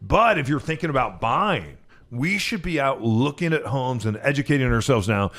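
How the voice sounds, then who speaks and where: A man's voice: medium pitch, animated, moderate pace, fairly bright tone. A man co-hosting a casual talk show from a studio, talking in a rambling way with frequent restarts. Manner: rambling, stops and restarts often. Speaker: co-host. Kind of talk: casual talk radio chat.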